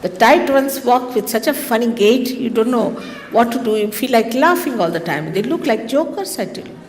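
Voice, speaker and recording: A woman, giving a spiritual talk to her followers in a lively, teasing manner with mocking asides. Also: on the high side, moderate pace, a little hiss or hum. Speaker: spiritual teacher. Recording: long reverb of a hall, faint ambience.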